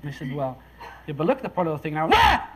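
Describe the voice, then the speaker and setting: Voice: medium pitch, lively intonation, very fast, very noisy. A speaker, casually telling a story to listeners, chuckling often and acting out the voices of the people in it. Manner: folksy, chuckles between lines, acts out quoted voices.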